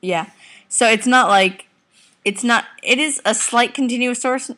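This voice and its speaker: A teenage vlogger lies on a couch at home, chatting casually to her webcam in a bright, forceful voice that's on the high side and unhurried. In this chatty video reply she rambles and giggles, talking to viewers and to family off camera.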